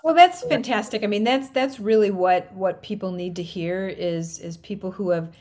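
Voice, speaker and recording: A woman's voice: medium pitch, normal speed, a little mellow. A woman hosting an interview, asking curious, brief follow-up questions. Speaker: podcast host. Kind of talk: casual interview.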